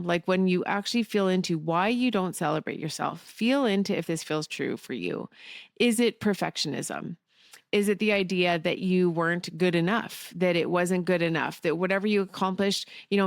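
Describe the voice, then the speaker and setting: A woman's voice: fairly low pitch, gravelly, no room sound, clean studio sound. A woman hosting a solo podcast, talking candidly, swearing casually and laughing often. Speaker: podcast host.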